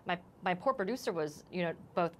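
A woman reporter in a live TV interview, shaken and emotional, speaking haltingly with many restarts. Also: lowish voice, animated, a little hiss or hum. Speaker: news reporter as guest.

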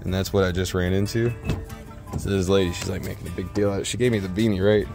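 A man's voice: deep voice, fairly even intonation, quick pace, vocal fry, a little mellow, faint music behind. Rambling, cursing young man vlogging outside. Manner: rambling, profane, self-deprecating. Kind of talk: casual vlog.

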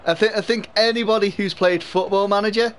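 A young man from Liverpool, England, with a mild Scouse accent and a high-pitched voice, streams himself playing a football video game. He talks fairly quickly with fairly even intonation, laughing often as he commentates and chats with viewers, and there's slight background noise.

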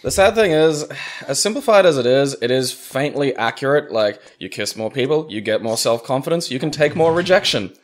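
A man's voice: mid-range voice, lively intonation, brisk, few pauses. A man playing a game and chatting loosely, often laughing and swearing as he explains things. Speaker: player in a let's-play. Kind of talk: casual let's-play commentary chat.

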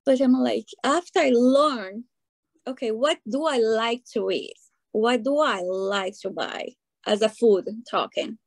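Lively excitable woman. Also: fairly high pitch, a little slow, dry recording. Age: middle-aged. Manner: excitable, animated storytelling with acted-out quotes. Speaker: coaching client. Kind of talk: casual interview chat.

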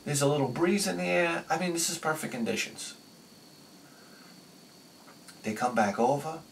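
Excitable male vlogger telling a story, bursts loud then drops quiet, slightly raised pitch, miked from a distance. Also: a little fast, vocal fry, a little hiss or hum. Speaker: video host. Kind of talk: animated personal storytelling.

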